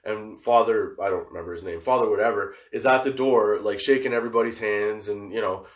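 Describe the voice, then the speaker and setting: A man's voice: on the low side, a little fast. A man in his forties telling a comic personal story, laughing often and swearing between rambling asides.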